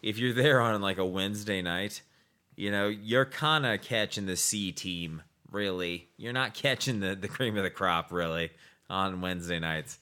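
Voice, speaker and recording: A man's voice: low-pitched, normal speed, sharp tone, clean tone. A man co-hosting a casual, comedic chat, laughing often and breaking into exaggerated voices to act out what people might say.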